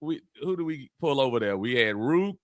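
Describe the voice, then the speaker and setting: A man's voice: medium pitch, lively intonation, normal speed, a crowd in the background. A man co-hosting a casual sports talk show, rambling with many restarts and laughing easily. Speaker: co-host.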